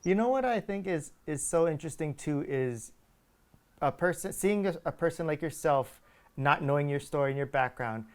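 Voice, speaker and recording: A man's voice: a little high, expressive, normal speed, clean tone. Thoughtful man hosting a podcast interview. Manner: thoughtful, lots of "like" fillers. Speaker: podcast host. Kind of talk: casual interview.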